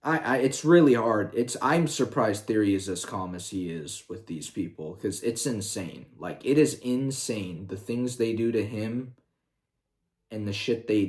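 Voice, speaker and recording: A man's voice: fairly low pitch, a little mellow. A young man ranting heatedly on his video channel, swearing often and sounding combative. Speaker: YouTuber.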